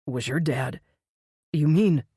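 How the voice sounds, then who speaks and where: A woman voicing a grieving but brisk male TV news boss, speaking in a clipped, earnest way. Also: a little high, dark tone, slightly rough, no echo, clean studio sound.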